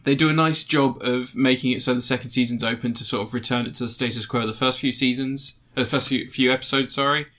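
A man's voice: medium pitch, steady tone, fast talker, few pauses, bright, forceful tone. A man, chatting casually as a podcast co-host, rambling and joking as he searches for words. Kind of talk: casual chat.

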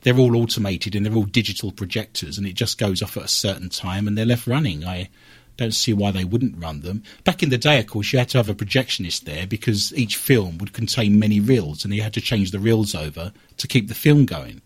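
A man's voice: lowish voice, brisk, breathy edge, no room sound. A man hosting a paranormal quiz show on the radio. He reads a theatrical scripted opening with dramatic flourishes, then tells a ghost-hunting story in a looser, chatty way. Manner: dramatic, playful delivery with big swoops and drops. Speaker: paranormal investigator.

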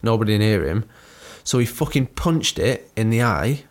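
A man's voice: fairly low pitch, lively intonation, moderate pace. A young man co-hosting a podcast, telling a story in a rambling, sweary, laughing way. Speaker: podcast co-host. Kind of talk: casual chat.

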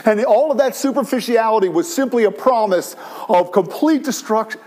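A man's voice: high-pitched, animated, moderate pace, a little mellow. A male pastor preaching a sermon, impassioned and repetitive, often restarting his phrases. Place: church in San Francisco.

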